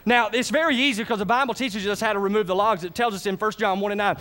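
A man's voice: high voice, fast talker, few pauses. A man preaching a sermon, calling on the congregation to answer him. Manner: lively, calls on the congregation to answer. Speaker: pastor.

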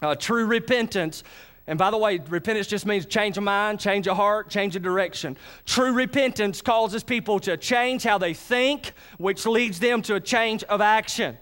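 A man's voice: high-pitched, normal speed, clean tone. A man preaching a sermon, calling on the congregation to answer him. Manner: lively, calls on the congregation to answer. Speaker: pastor.

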